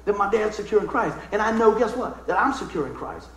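A man's voice: high-pitched, big pitch swings, a little fast, few pauses. A middle-aged man preaching a sermon, telling a personal story in a folksy, emotional way with casual asides. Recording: echoey room.

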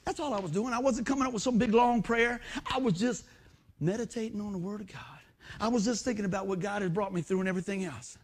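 A man's voice: high-pitched, quick pace. A male preacher, telling a story in a sermon and acting out the quotes. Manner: animated storytelling with acted-out quotes.

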